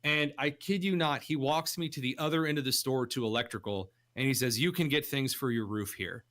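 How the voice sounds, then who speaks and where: A young man hosting a radio talk show, telling funny stories with lively shifts of voice. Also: brisk. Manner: animated storyteller, jumps pitch for quoted voices. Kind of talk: casual radio chat.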